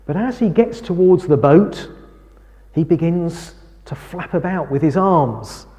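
A man preaching a sermon, speaking in a slow, measured way. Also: fairly high pitch. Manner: slow, measured preaching with lively quoted lines. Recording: reverberant hall.

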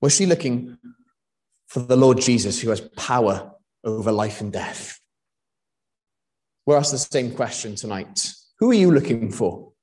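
A man's voice: medium pitch, expressive, measured pace, pauses often, darkish tone. A young man from Wales preaching a sermon in a conversational way, with frequent fillers and restarts.

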